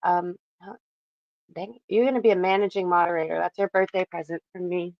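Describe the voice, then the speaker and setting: Young woman from Canada, livestream chat, lowish voice, dull lo-fi sound, dry close room. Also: brisk, no echo. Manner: chatty, animated, laughing often. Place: home bedroom.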